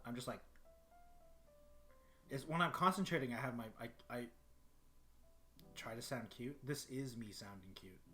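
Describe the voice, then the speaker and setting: A man with a deep voice chatting casually on a livestream, rambling and often clearing his throat. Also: bright, forceful tone. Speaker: streamer. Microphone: desktop microphone.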